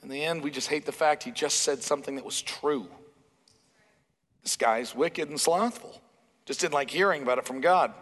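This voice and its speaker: A man preaching a sermon in a church hall, animated and emphatic, acting out bits of dialogue. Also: a little high, moderate pace. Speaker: pastor.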